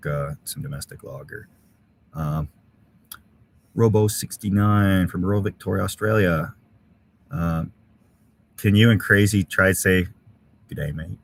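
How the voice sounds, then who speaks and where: Deep-voiced man, relaxed chat. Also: normal speed, vocal fry, pauses often, slight background noise. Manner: relaxed, thanks viewers with many uhs and ums. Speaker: live stream host. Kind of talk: casual live stream chat reading viewer comments. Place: outdoor winter camp in severe cold.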